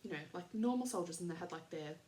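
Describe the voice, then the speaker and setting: An Australian woman in her thirties talks through her podcast in a loose, rambling way, full of ums and small laughs. Her voice sits a little low for a woman, and it feels like a relaxed, friendly catch-up with listeners. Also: quick pace. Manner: rambling, chatty, many fillers and laughs. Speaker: podcast host. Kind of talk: casual chat.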